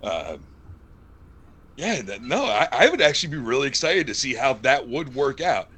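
A man co-hosting a wrestling podcast, chatting casually and cracking jokes as he goes. His voice is bright and forceful, and his mid-range pitch pushes up with excitement. He talks in rambling, animated asides. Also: moderate pace, slightly rough. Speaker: podcast co-host.

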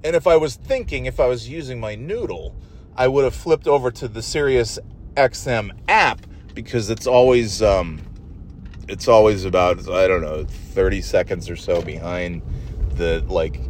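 A man's voice: on the low side, moderate pace, darkish tone. Male solo host, profane rambling rants, in-car recording with light engine hum. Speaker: podcast host.

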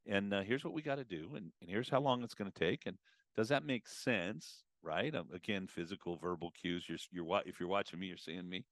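Low-voiced guy chatting on a podcast, acts out little customer talks, dry close sound. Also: fairly quick, no echo. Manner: animated, acts out customer and advisor exchanges. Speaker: automotive business consultant guest. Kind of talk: conversational podcast advice.

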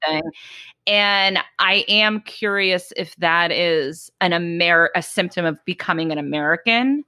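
A woman hosting a casual podcast chat, talking in animated bursts and often mock-quoting herself. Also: lowish voice, unhurried, no echo. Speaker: podcast host.

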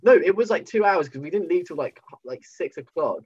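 British man, podcast guest, slightly high voice, joking, muffled lo-fi call sound. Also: brisk, husky. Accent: British English. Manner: joking, animated storyteller. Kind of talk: casual chat. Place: home, remote call.

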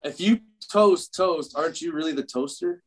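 A man's voice: fairly high pitch, moderate pace. A man from Canada, a guest in a casual podcast chat, who talks bluntly and swears freely.

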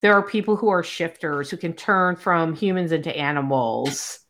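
A woman's voice: on the low side, moderate pace, hardly any pauses, fairly bright tone. A woman in casual chat, retelling a romance novel and acting out the characters' lines as she goes. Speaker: book discussion co-host.

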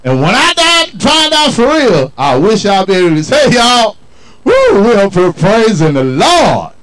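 Lively high-voiced man preaching. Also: a little slow, poor audio. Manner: call-and-response preaching, colloquial, emphatic. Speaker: pastor. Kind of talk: sermon.

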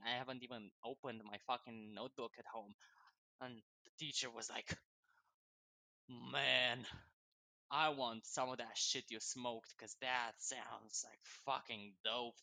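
A young man with a bright, forceful voice rambles through a casual vlog, cursing nearly every sentence and laughing as he drifts from one tangent to the next. The sound is dry and close, with no room echo. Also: medium pitch. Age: young adult. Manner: swears constantly, digressive, laughs often. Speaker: vlogger. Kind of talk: rambling personal monologue.

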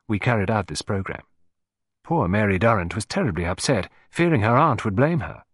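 Expressive male audiobook narrator, dry sound. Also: fairly low pitch, a little fast, slightly rough, no room sound. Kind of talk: scripted narration.

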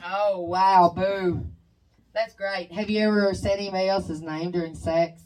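A woman's voice: medium pitch, steady tone, measured pace, darkish tone, recorded from a distance, rough recording. A woman co-hosting a casual podcast, telling stories, swearing freely and mimicking other people's voices. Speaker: podcast co-host. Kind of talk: casual chat.

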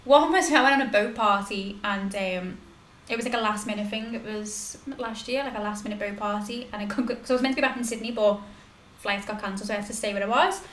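A woman's voice: mid-range voice, fast, a bit bright, reverberant, a little hiss or hum. A young woman hosting a podcast, telling a story in a loose, rambling way with many fillers and restarts. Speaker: podcast host. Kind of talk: casual storytelling chat.

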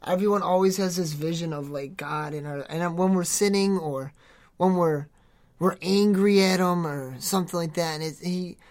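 Informal podcast preacher, earnest, exhorting, rambling, restarts a lot, mid-pitched voice. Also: normal speed, darkish tone. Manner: rambling, with many restarts and self-corrections. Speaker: podcast host giving a devotional.

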